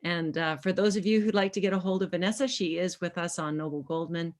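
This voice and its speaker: A woman with a somewhat low voice hosts the conversation. She heaps praise on her guest in an effusive, gushing way. Her lines round off the show with thanks. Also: fast. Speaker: host. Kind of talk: talk show wrap-up.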